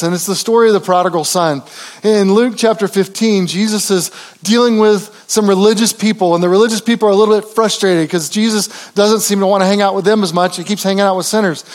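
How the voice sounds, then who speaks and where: A man preaching a sermon, telling a story in a conversational way with many fillers and restarts, dropping low and quiet for tender moments and rising for quoted speech. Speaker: pastor.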